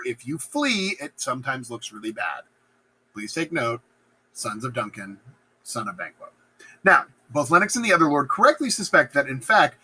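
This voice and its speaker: A man's voice: fairly high pitch, pushed and bright, husky, poor audio. A man casually summarizing a play as a teacher, playful and joking as he talks. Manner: playful, acts out characters in silly voices. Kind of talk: casual plot summary lecture.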